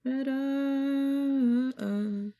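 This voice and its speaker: A woman's voice: sits high, fairly even intonation, very slow, mellow. A woman streamer chatting casually on a live stream, rambling and swearing freely, acting out what others said to her.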